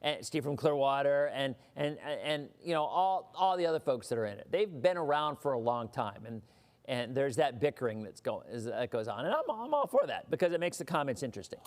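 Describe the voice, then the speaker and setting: Animated, rambling male livestream host. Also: mid-range voice, brisk. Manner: rambling, animated, mock-indignant asides. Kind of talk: casual livestream chat.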